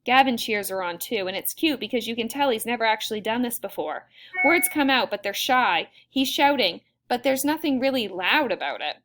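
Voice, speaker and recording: A woman narrating a first-person novel as an audiobook, in an expressive way. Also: on the high side, moderate pace, background noise.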